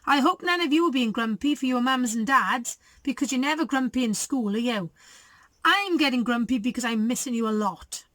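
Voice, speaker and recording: A woman teacher reading a storybook aloud to young children, animated and coaxing. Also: on the high side, moderate pace, no room sound. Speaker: primary school teacher.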